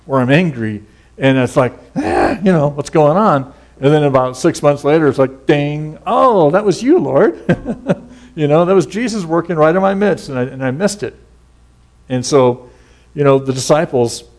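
This is a middle-aged pastor whose voice sits in the mid range. He keeps his sermon loose and conversational, sprinkling in folksy tales and passing asides.

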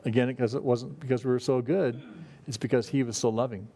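A man's voice: medium pitch, fairly even intonation, fast talker, warm tone. Casting middle-aged male lay preacher, folksy and conversational, mid-range voice, loose delivery full of fillers. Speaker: pastor. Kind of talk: Bible study teaching.

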